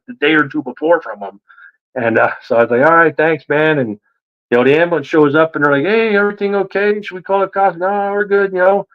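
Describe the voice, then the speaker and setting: A man telling a story in a casual interview, animated and acting out the voices of the people he quotes. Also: on the high side, highs cut off. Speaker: guest.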